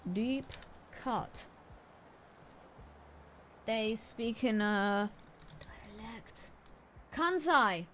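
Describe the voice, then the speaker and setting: Playful giggly woman streamer, slightly high voice. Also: a bit bright, slight background noise. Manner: playful, giggly, sounding out Japanese words. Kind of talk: casual game-stream commentary.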